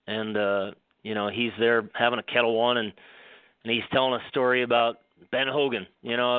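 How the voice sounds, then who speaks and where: A male golf professional, a guest, telling stories in a rambling, animated way with many restarts. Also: medium pitch, clean tone, no room sound. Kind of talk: storytelling on a radio show. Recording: dry phone line.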